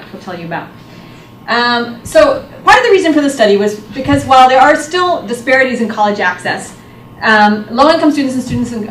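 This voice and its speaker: Woman presenting research in a roomy hall. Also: on the high side. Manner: upbeat, with frequent um fillers and restarts. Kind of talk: academic seminar presentation. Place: seminar room. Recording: roomy hall, distant mic, faint noise.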